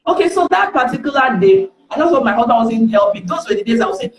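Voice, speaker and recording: Nigerian woman guest, lively storyteller who voices the people in her stories; roomy, echoing recording. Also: fairly high pitch, fast talker, crowd noise. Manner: lively, acts out dialogue in the stories. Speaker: guest speaker. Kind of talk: candid storytelling on a live stream. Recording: roomy echo.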